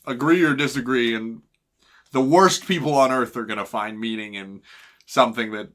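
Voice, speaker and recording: A man co-hosting a casual film podcast, laughing often and acting out characters in high silly voices. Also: moderate pace, a bit bright. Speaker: podcast co-host. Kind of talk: casual film discussion chat.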